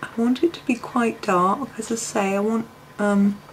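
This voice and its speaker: A woman hosting a colouring tutorial, talking her choices through to herself in a relaxed, musing way with frequent ums. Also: a little high, normal speed, a little hiss or hum. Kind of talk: relaxed voice-over tutorial, thinking aloud.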